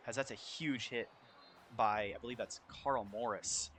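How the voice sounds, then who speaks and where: Bright-voiced young man calling game plays. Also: lowish voice, measured pace, a little hiss or hum. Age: young adult. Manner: casual, chatty, spikes with excitement on big plays. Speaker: gameplay commentator. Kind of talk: play-by-play game commentary. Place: shared home, speaking quietly for roommates.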